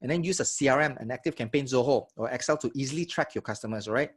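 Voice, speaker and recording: Man, sales trainer, live online workshop, husky, energetic, medium pitch. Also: fast. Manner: energetic, checks in with audience often.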